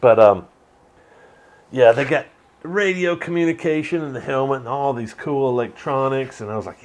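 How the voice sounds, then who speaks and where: A man's voice: mid-range voice, moderate pace. A man hosting a casual, rambling commentary on a movie. He laughs often and swears now and then. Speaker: channel host.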